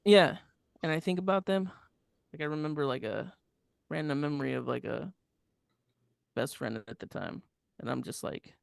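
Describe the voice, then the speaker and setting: A man's voice: a little high, normal speed, creaky, pauses often, dry recording, clean studio sound. A man co-hosting a podcast, laid-back and rambling, with lots of filler words. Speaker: podcast co-host. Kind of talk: casual chat.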